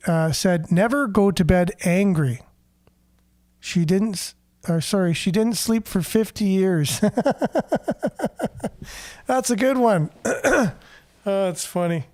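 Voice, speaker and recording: A man's voice: sits high, darkish tone, dry recording, clean studio sound. A man hosting a radio morning show in a casual chatty way, greeting listeners and reading their comments aloud. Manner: chatty, upbeat, rambling. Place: radio studio.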